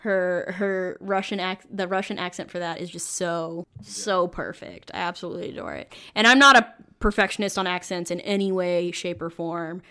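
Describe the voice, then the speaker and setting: Clear-voiced young woman, chatty podcast guest. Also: on the low side, fairly even intonation, moderate pace, hardly any pauses, pushed and bright. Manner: enthusiastic, tangent-prone. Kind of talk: casual chat.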